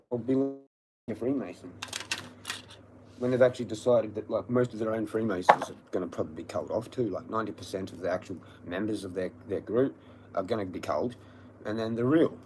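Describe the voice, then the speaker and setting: A man's voice: fairly low pitch, a little mellow, a little hiss or hum. Ranting man on a livestream. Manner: ranting, profane, repetitive. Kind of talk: angry livestream rant.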